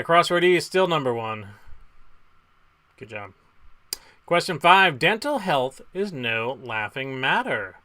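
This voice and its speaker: A man's voice: mid-range voice, pushed and bright, no room sound. A man hosting a casual live trivia game from home, reading questions and rambling through jokey asides in between. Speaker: trivia quiz host.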